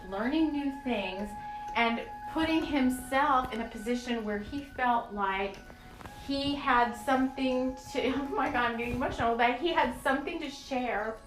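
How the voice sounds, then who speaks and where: A woman hosting a spiritual podcast, talking in an earnest, rambling and emotional way with many fillers. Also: on the high side. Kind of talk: channeled spiritual podcast talk. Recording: echoey room with soft music.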